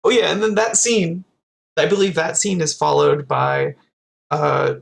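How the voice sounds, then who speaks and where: A young man co-hosting a podcast in casual chat, animated, acting out quotes and laughing often. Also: fairly high pitch, unhurried, creaky. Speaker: podcast co-host.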